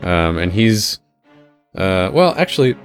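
A man narrating as game master of a tabletop game, talking in a relaxed, rambling way with many fillers. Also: sits low, takes it slowly, faint music behind.

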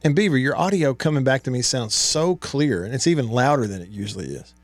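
A man hosting a sports talk radio show in a studio, animated and exasperated, asking rhetorical questions. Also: mid-range voice, quick pace, no room sound. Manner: animated, exasperated, rhetorical, rising to near shouts. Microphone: studio microphone.

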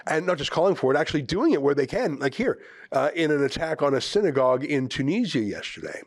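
A man's voice: fairly high pitch, very animated, fast, no room sound. A man hosting an opinion commentary show, speaking emphatically and firing off sarcastic rhetorical questions. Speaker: host.

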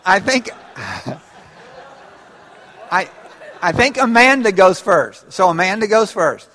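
A man's voice: sits high, animated, slow pace, pushed and bright. A man preaching an interactive sermon, talking conversationally and laughing along with his congregation. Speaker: pastor. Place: church. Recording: reverberant church hall.

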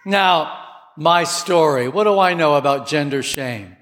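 Male preacher, high voice, slow passionate delivery, long hall reverb. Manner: passionate, rising to near shouts. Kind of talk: sermon.

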